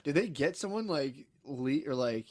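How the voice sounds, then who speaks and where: A man's voice: expressive, normal speed, crowd noise. A man co-hosting a podcast in casual chat, rambling through stories and acting out the people he quotes. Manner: rambling storyteller, acts out people he quotes in high yelling voices. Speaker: podcast co-host.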